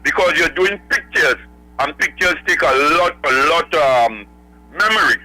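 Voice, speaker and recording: A man calls in to a radio show, working through his thoughts point by point. His voice is high and strikingly bright, with a cutting edge. He rambles as he goes. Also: expressive, measured pace, dry recording, rough recording. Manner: rambling, lists numbered points. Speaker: caller. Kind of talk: phone-in call.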